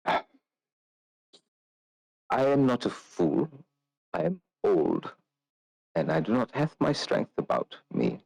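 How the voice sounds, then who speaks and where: A man's voice: mid-range voice, huge pitch swings, takes it slowly, gravelly, pauses often, a little mellow, no room sound, voice pushed up, full character voice, poor audio. A man voicing an ailing old noblewoman, speaking formally and earnestly in a tabletop role-play. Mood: grave.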